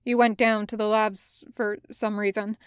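A woman reading the lines of a young male cadet, hoarse and halting as he reports to a superior, in a crisp close recording. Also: medium pitch, little pitch movement, no room sound, natural voice. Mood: strained.

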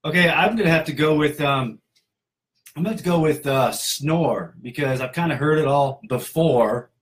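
A sarcastic male co-host on a comedy podcast, dismissing a story with jokes. His voice runs a touch higher than most men's. He sounds loose and unbothered. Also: normal speed. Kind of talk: jokey comedy podcast chat.

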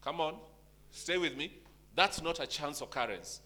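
A man's voice: on the high side, lively intonation, moderate pace, bright, forceful tone. A man preaching a sermon, asking the congregation rhetorical questions and urging them to stay with him.

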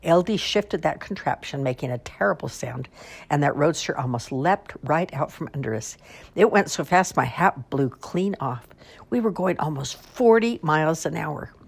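A boastful elderly great-aunt , as a woman reads her, crows through her storybook tale in a folksy way. Her voice is deep and a little husky. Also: moderate pace, exaggerated voice. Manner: boastful, folksy, building excitement.

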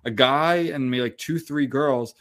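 A man in his thirties, co-hosting a podcast, telling a profane, animated story in casual chat. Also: medium pitch, unhurried. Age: 30s. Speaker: podcast co-host.

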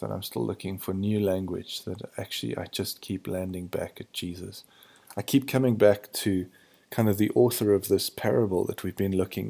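A man hosting a podcast, thinking aloud in a hesitant, searching way, his voice hoarse and gravelly in the early morning. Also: sits low, darkish tone. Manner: searching, hesitant, restarts to find words. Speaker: podcast host. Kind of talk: reflective spiritual monologue.

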